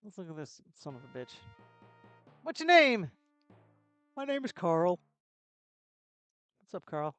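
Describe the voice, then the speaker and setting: A woman's voice: deep voice, very animated, moderate pace, long pauses, a little mellow, clear, resonant tone, faint music behind. A woman live-streaming a game, chatting with jokes and self-deprecating asides into a close desk mic. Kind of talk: casual gameplay live stream.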